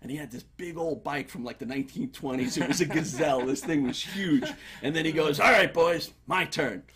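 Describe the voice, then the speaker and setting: A man who is a guest on a talk show, telling stories in a casual, animated way and laughing as he talks. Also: fairly high pitch, a little fast. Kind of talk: casual storytelling.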